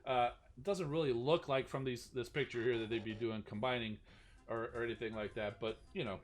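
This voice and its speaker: A man hosting a live stream, chatting casually about toy news and reading out chat questions, rambling with many restarts. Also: mid-range voice. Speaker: stream host.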